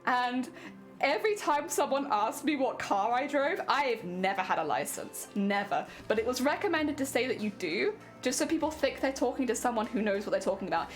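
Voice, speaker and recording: Chatty young woman, lively voice. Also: fairly high pitch, a little fast, soft background music. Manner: chatty, laughs often, repeats words. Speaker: streamer. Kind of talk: casual chat while crafting.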